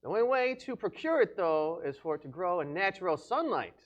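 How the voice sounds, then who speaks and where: A man's voice: sits high, very animated, fairly quick, muffled recording. A man narrating as game master of a tabletop game, laughing often between lines. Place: remote video call.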